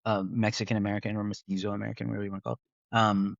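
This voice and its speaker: A man's voice: on the low side, level tone, very fast, creaky, dry recording. Guy from the east bay, tech founder, rambles and restarts a lot, kinda muffled and dry. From East Bay, California. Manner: rambling, frequent restarts and "right?" tags. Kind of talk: casual podcast conversation.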